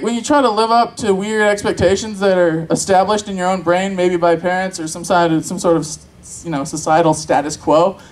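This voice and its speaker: A man's voice: sits high, low-quality recording. A man doing crude, rambling, self-mocking open-mic stand-up on a convention stage. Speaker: stand-up comic. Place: convention stage with live audience.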